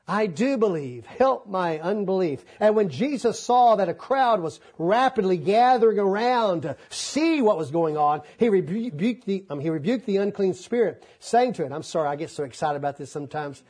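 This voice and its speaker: Male preacher, fairly high husky voice, folksy and animated, acts out scripture. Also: moderate pace, hardly any pauses. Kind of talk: sermon.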